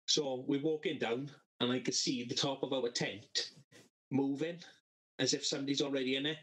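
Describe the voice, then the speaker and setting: A man's voice: medium pitch, fairly even intonation, brisk, a bit bright, poor audio. A man casually telling a rambling, sweary festival story to friends on a podcast. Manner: sweary, rambling anecdote with laughs. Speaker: podcast co-host.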